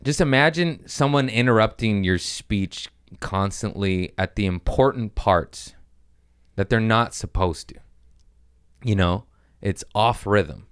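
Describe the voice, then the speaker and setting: Deep-voiced man telling crude stand-up stories. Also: slow, clear, resonant tone, no room sound, studio quality. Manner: animated storytelling with crude language. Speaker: comedian podcast host. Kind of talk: casual monologue.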